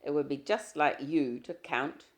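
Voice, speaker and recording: A woman reading the lines of an irritable young husband in an audiobook, with loud, clipped, defensive retorts. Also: low voice, measured pace. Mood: curt. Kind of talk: audiobook character dialogue.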